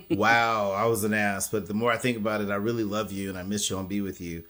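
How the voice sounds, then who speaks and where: A man's voice: fairly low pitch, flat delivery, a little fast, a bit bright. A man co-hosting a podcast, chatting casually about a reality show, joking and laughing at his own bits. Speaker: podcast co-host. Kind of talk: casual reality TV recap chat.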